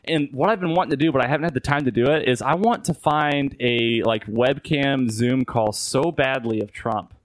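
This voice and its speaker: A man's voice: mid-range voice, moderate pace, few pauses, no room sound. A man on a podcast call who chats casually, swearing freely and making crude jokes. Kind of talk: casual chat.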